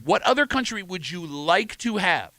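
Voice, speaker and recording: A man with a Rochester accent hosting talk radio in a studio, brisk and teasing as he leads the banter. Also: high voice, very animated, bright, forceful tone, no room sound. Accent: Rochester, New York. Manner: brisk, teasing, leading questions. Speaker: radio host.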